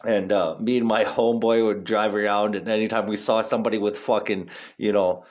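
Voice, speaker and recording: A man's voice: fairly low pitch, flat delivery, brisk, highs cut off. A man in his thirties hosting a podcast, rambling casually in a laid-back, profane, slangy way with frequent laughs. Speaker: podcast host.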